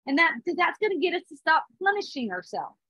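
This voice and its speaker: A woman's voice: very high voice, very animated, fast, sharp tone, dry recording, low-quality recording. A woman in her thirties giving a spiritual talk, earnest, with small restarts and frequent check-ins. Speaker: spiritual teacher. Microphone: phone or device mic.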